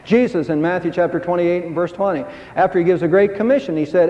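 Male pastor, emphatic preacher, higher-pitched voice, lo-fi recording in a big echoing church. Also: fast, few pauses, dark tone. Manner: emphatic preaching, rising pitch on key phrases. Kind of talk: sermon. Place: church sanctuary. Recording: dull sound with long hall reverb.

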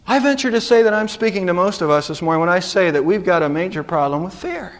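A middle-aged male pastor delivering a sermon, with dramatic rises and drops in pitch. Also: lively intonation, fast.

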